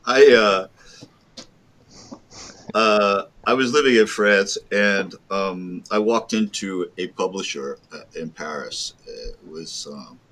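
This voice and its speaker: An older American man, a guest on a video-call interview, telling stories slowly and pausing often to gather his thoughts. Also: deep voice, fairly bright tone. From United States. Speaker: guest, board game designer. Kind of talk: reflective storytelling in an interview.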